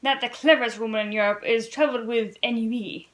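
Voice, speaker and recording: A woman's voice: fairly high pitch, steady tone, fairly quick, natural voice, rough recording. A woman reading as a sly, gallant Frenchman. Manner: quiet, smoothly gallant, mock-polite. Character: shrewd, sly middle-aged French man, gallant. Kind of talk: read-aloud storybook dialogue.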